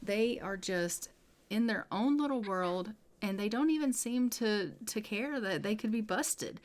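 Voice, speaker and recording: A woman's voice: mid-range voice, animated, measured pace. A woman telling the story of her gameplay in a chatty, casual way, with many fillers. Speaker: gameplay video creator.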